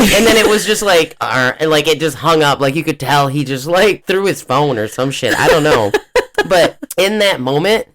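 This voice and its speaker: A woman in her thirties, co-hosting a podcast, telling a story in a lively, animated way, laughing often and acting out voices. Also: low voice, normal speed. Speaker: podcast co-host. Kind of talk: casual storytelling chat.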